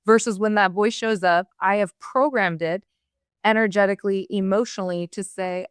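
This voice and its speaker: A woman hosts a podcast and talks with a smooth, clear voice in a dry, close recording. She chats with her guest warmly and enthusiastically. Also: medium pitch, normal speed, dry recording. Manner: warm, enthusiastic, laughs easily. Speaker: podcast host. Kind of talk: conversational interview.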